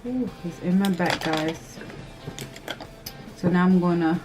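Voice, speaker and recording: A woman with a slightly low voice talks her viewers through a makeup routine in a casual, chatty way. She is jittery and excitable, breaking into gasps and squeals. Soft guitar music plays faintly behind her. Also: takes it slowly. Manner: nervous, excitable, squealing and gasping. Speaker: beauty vlogger. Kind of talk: casual makeup tutorial chat.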